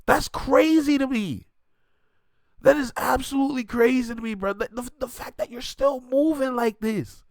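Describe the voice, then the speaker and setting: A man's voice: extremely high pitch, normal speed, no room sound, studio quality. A man hosting a music reaction video, ranting emphatically and in disbelief as he gives his take.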